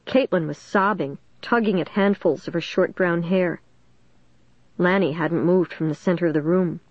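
A woman's voice: lowish voice, measured pace, darkish tone, no room sound. A woman narrating a storybook in a tense, dramatic reading. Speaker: audiobook reader. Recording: dull dry recording.

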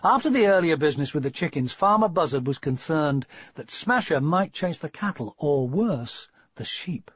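A man reading a story aloud, with a voice that rises and falls freely and sits a little high for a man. The tone is husky, and the recording is dry and dull. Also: dry recording. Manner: expressive, measured storytelling. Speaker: narrator. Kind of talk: audiobook story narration.

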